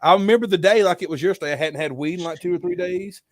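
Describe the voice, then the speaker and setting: A man's voice: high-pitched, quick pace, no echo, clean studio sound. A young adult man telling a story in casual, profane podcast chat. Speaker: podcast host.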